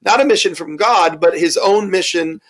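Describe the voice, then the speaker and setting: A man's voice: sits high, normal speed, a bit bright. A man, a bishop hosting a Bible study discussion, affirming and reflective. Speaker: bishop, host.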